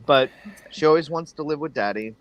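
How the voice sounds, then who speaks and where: A man's voice: a little high, brisk, a bit bright. A man talking casually as a podcast guest, in a laid-back way with many ums and restarts.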